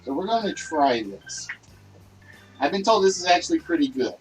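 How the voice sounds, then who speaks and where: A man hosting a livestreamed list game show, talking loudly and excitably and chatting with his viewers. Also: fairly high pitch, moderate pace, distant mic, soft background music, rough recording.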